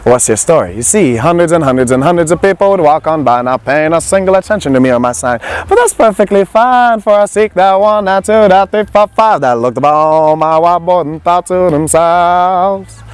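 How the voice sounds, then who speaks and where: A man performing a told story in a rhythmic, repetitive, theatrical style, barely pausing between phrases. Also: sits high, animated, smooth, dry recording. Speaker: traveling storyteller. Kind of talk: spoken-word storytelling performance.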